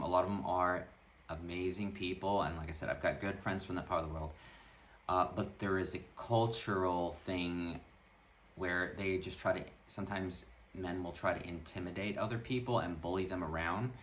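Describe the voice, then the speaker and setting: A man with a low voice speaks in a casual vlog. He recounts a personal story to his viewers in an animated, conversational way and often restarts his sentences along the way. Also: a little hiss or hum. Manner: animated retelling, full of "like" and restarts. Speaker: vlogger.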